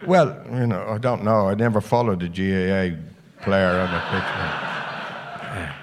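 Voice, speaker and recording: A man's voice: deep voice, steady tone, moderate pace, noisy background. An older man in his sixties, a guest telling salty anecdotes with lots of swearing and restarts at a live show. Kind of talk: anecdotal storytelling.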